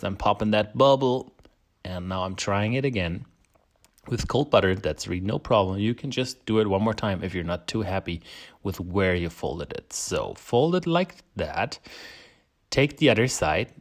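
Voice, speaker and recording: Low-voiced German man teaching baking. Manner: chatty and self-deprecating, laughs often. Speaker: home baker, channel host. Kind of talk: casual baking tutorial.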